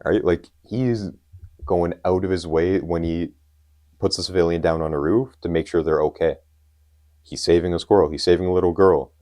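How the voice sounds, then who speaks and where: A man's voice: low-pitched, fairly even intonation, moderate pace, warm tone. A young man co-hosting a podcast, talking casually and emphatically as an enthusiastic fan. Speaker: podcast co-host. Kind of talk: casual chat.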